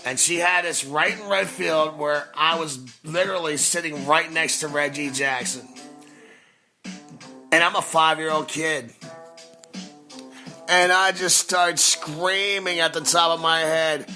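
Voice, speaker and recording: A man's voice: a little high, steady tone, unhurried, bright, forceful tone, faint music behind. A man in his forties, a podcast host, telling a nostalgic story with emphatic, repeated phrases. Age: 40s. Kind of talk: storytelling monologue.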